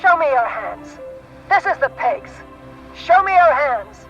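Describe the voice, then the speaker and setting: A man's voice: extremely high pitch, very animated, a little slow, a bit bright, faint music behind, heavily acted. A voice actor playing a frail, terrified aging woman in police gear, barking orders through a megaphone. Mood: frantic. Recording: muffled and from a distance.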